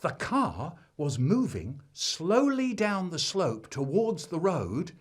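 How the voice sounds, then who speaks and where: Male storyteller. Husky, lively pitch, deadpan comic delivery. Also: slow pace. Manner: dramatic swings between deadpan and loud.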